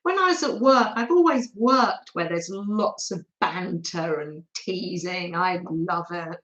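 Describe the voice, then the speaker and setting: A woman hosting a craft livestream from her dining room table, chatting warmly and reading out names from the chat. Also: lowish voice, slow, roomy sound, muffled recording. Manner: chatty, affectionate, reads chat names aloud.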